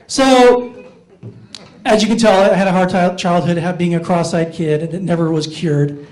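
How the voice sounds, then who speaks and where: A man's voice: sits high, fairly even intonation, moderate pace, a little mellow. A middle-aged man doing stand-up comedy on a playhouse stage, with a voice he calls not very masculine, self-mocking and talking back and forth with the audience.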